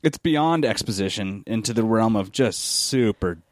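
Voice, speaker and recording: Lower-voiced man ranting about comics. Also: normal speed, dry recording. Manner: animated, critical, lots of fillers and restarts. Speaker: podcast co-host. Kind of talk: casual chat, comic book review.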